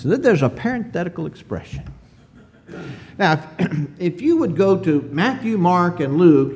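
Slow, lively-pitched male preacher. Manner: emphatic, drawn-out preaching cadence with sudden swells; clears throat often. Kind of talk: sermon.

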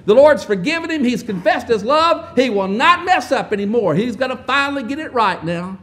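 A man preaching a sermon, telling the story with wry asides and often clearing his throat. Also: extremely high pitch, animated, moderate pace, a bit bright.

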